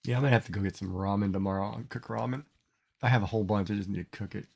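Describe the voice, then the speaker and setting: A man's voice: on the low side, fairly even intonation, racing, vocal fry, a little mellow, breathy edge. Chatty middle-aged male streamer. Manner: rambling, emotional, repeats words. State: tearful, crying. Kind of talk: casual livestream chat.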